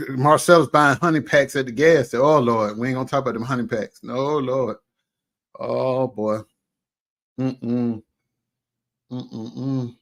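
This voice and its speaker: A man hosting a casual livestream chat, animated and exclamatory, with folksy asides and many drawn-out hums between remarks. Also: mid-range voice, creaky. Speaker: livestream host.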